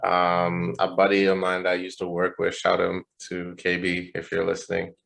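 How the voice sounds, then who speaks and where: A man's voice: sits low, completely flat delivery, normal speed, vocal fry, a bit bright, slight background noise. A young man co-hosting a podcast, telling a party story in a laid-back, slangy way, full of fillers and swearing. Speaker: podcast co-host. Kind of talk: casual storytelling chat.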